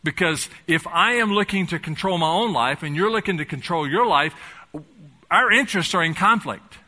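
An older man delivers a sermon from the pulpit, his voice bright and ringing. He works through rhetorical questions, swinging from loud, pressing lines down to hushed ones. His voice sits a little high for a man. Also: expressive, normal speed. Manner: preaching with rhetorical questions and wide swings in loudness. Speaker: pastor.

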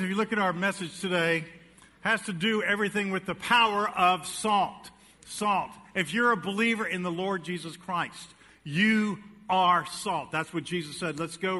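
A man's voice: sits high, bright, forceful tone, big-room sound. A male pastor preaching a sermon to his church, emphatic and folksy, asking the congregation questions. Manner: folksy joke-telling, then emphatic preaching with audience questions. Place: church sanctuary.

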